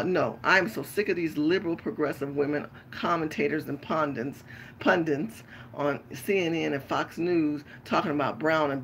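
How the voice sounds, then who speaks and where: A woman's voice: low-pitched, slight background noise. A tired woman hosting a late-night livestream rant, talking bluntly with lots of profanity. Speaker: livestream host and pastor.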